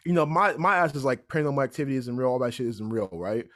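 Young man, casual storyteller, animated, keeps asking "right?", mid pitch. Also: fast. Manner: animated, repeats "right?" and "I'm like". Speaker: podcast guest storyteller.

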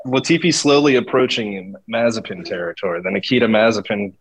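A man's voice: on the low side, fairly quick, slight background noise, low-quality recording. A man co-hosting a podcast in casual chat, hesitant and hedging his opinions. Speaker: podcast co-host.

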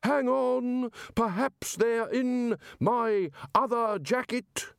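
A man's voice: very high voice, very slow, vocal fry, clean tone, no room sound, clean studio sound, voice pushed up, heavily acted. A man voicing a bellowing, pompous old male college porter who enunciates each word with stubborn care. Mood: blustering. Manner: loud, each word enunciated with bulldog carefulness.

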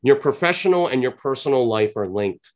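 This is a podcast guest, a sales trainer, answering conversationally in a relaxed interview. Speaking at an everyday middle pitch, he earnestly walks through his reasoning step by step and leans on important points by drawing them out slowly.

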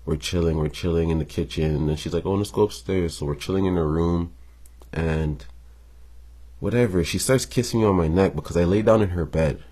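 A man's voice: sits low, a little fast, mellow, slightly rough. A young man telling a personal story in a casual, slangy monologue, swearing freely and chuckling between lines.

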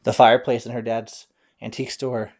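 A man's voice: medium pitch, flat delivery, fairly quick, darkish tone. Man telling a playful story. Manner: playful, with sound effects. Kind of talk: improvised bedtime story.

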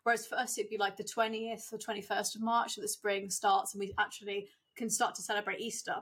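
A woman's voice: medium pitch, little pitch movement, a little fast, a bit bright. A young woman, chatting casually as a podcast co-host and acting out the people she quotes. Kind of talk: casual chat.

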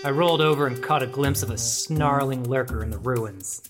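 A wry, hardboiled noir detective, as a man acts him out in a comic audio drama. He narrates deadpan in a middle-pitched voice. Faint music plays behind him. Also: moderate pace, lightly acted. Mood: dry.

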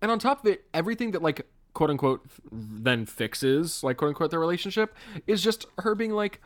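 Lively woman with a bouncing voice. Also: sits low, brisk. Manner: laughing, lively, quotes lines in mock voices. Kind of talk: casual chat.

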